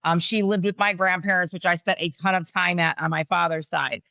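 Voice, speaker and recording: Bright-voiced woman from West Virginia. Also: fairly low pitch, steady tone, a little fast, dry recording. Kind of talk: casual podcast chat. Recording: dull, slightly muffled dry recording.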